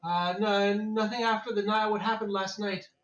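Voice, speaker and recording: A man's voice: high voice, steady tone, normal speed, fairly bright tone, distant mic, pitched above the performer's own voice. A man putting on a timid worried lady passenger. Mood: reassuring. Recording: echoey, dull lo-fi room sound.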